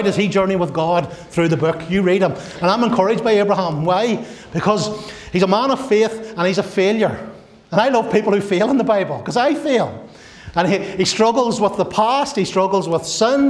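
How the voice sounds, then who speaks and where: A male pastor with a high, bright voice delivers an impassioned sermon in a church. He builds to fervent, repeated declarations and briefly slips into voices of God, Satan and his listeners.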